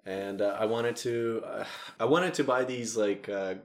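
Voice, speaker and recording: A woman from Moldova in a casual chat, easygoing and quick to agree. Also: extremely low pitch.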